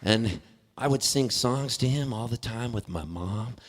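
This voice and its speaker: A man's voice: medium pitch, unhurried, faint music behind. A man, a performing musician, telling an earnest story onstage at a concert hall, acting out the voices he quotes.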